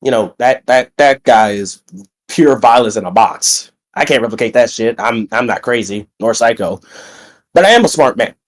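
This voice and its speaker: A young man cuts a brash wrestling promo, stretching out his greetings and boasting loudly. He is getting over a bout of sickness. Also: mid-range voice, expressive, normal speed. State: recovering from being sick. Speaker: wrestling roleplayer cutting a promo.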